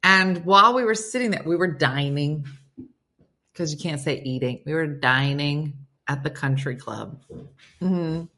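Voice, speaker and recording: A woman's voice: deep voice, unhurried, sharp tone. A woman hosting a casual live stream, chatting and storytelling as she reads viewer comments aloud and answers them. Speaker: host reading viewer comments.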